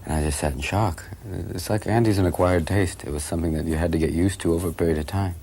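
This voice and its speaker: A man reminiscing in an interview, telling stories in an animated way. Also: low voice, a little hiss or hum. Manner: animated, fast storytelling.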